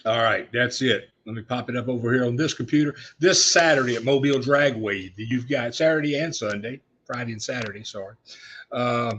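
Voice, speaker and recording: Man, middle-aged, live-stream host, medium pitch, rambling with fillers, a bit choked up, workshop. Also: brisk, a bit bright, muffled recording. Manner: rambling, with frequent "uh" and restarts. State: coughing spells. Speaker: show host. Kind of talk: casual live-stream chat. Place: his workshop.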